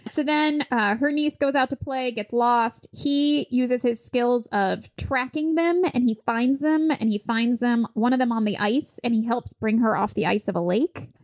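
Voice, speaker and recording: A woman's voice: fairly high pitch, a little slow, hardly any pauses, a little mellow. A woman in casual chat, animatedly retelling a movie's plot and acting out the characters' lines.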